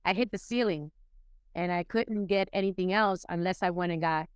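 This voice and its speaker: A middle-aged woman from Puerto Rico, raised in New York City, telling her life story as a podcast guest in a lively way, acting out the people she quotes. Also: moderate pace, clean tone, no room sound. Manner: animated, acts out quoted people with rising pitch. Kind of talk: casual storytelling interview.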